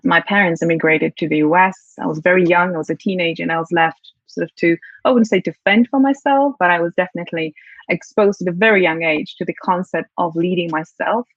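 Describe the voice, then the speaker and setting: A Polish-born woman with a British accent, speaking in a lowish voice as a guest on a video call from home. She sounds warm and reflective and often restarts her phrases mid-thought. The audio is dull and very dry. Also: fairly quick, no echo. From Poland. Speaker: guest, CEO and leadership coach. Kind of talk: casual interview chat.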